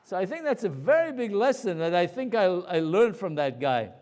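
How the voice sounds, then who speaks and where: A man, a rabbi, giving a storytelling Torah lecture to a live audience in a conversational, animated way. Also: high-pitched, moderate pace.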